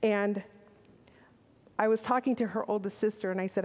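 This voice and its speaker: A woman's voice: mid-range voice, fairly even intonation, moderate pace, pauses often, a little mellow, lo-fi sound. An older woman giving a candid, conversational sermon, with personal asides and restarts. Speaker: speaker at a church service. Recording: long reverb in a large hall.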